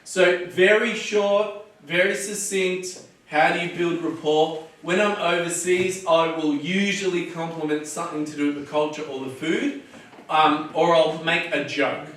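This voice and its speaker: An Australian man, an evangelist, teaching street preaching in an energetic, punchy, emphatic style. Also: fairly high pitch, a little slow. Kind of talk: lively teaching talk. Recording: echoey room from far off.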